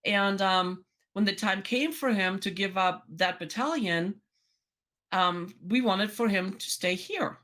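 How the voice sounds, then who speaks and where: A woman's voice: mid-range voice, slow, a bit bright. Woman, podcast co-host, chatty storyteller, restarts, casual. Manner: storytelling, chatty, many restarts and quoted dialogue. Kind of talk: casual chat.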